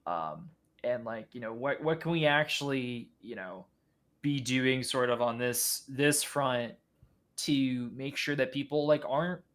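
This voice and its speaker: A man talking casually as a podcast guest. He speaks haltingly, circling back and restarting his sentences, with a voice of middling pitch. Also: a bit bright. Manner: halting, many fillers and restarts.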